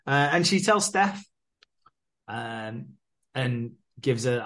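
A man's voice: medium pitch, expressive, slow pace, fairly bright tone. A man, casually recapping a soap episode as podcast co-host and acting out the characters' lines. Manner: laid-back, sweary, acts out characters' lines.

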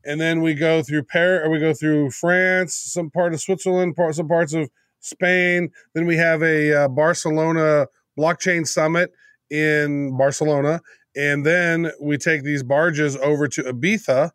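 A man's voice: a little high, steady tone, measured pace, fairly bright tone, no echo, studio quality. A man guesting on a casual podcast, teasing and rambling as he talks. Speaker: podcast co-host. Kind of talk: casual interview chat.

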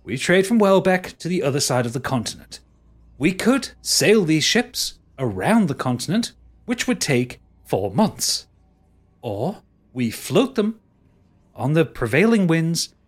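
A man voicing an exasperated, condescending male merchant leader who explains things slowly. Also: medium pitch.

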